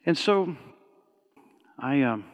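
Guy preaching, pretty high voice, telling his story all animated, kinda muffled lo-fi sound. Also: very slow, long reverb tail. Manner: animated storytelling, rising to shouted praise. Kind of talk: sermon testimony.

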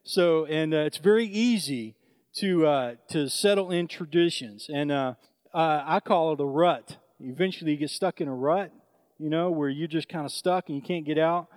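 A man's voice: on the high side, normal speed, a little mellow, smooth. A man gives a sermon in a church in a slightly raised voice. He keeps it loose and conversational, full of fillers and asides to the congregation. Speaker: lay preacher.

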